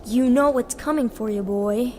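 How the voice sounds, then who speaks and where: A woman's voice: mid-range voice, monotone, fairly quick, creaky, mellow, slight background noise, lightly acted. A woman voicing a cruel, grinning man who taunts a boy in a menacing way. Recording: reverberant with background music.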